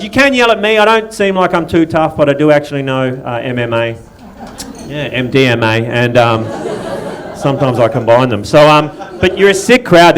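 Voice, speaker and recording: An Australian man hosting a stand-up comedy night, loose and profane, teasing the audience and laughing between lines. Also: on the high side. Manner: loose, swearing, teasing the crowd, laughing often. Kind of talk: stand-up crowd work. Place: comedy club stage.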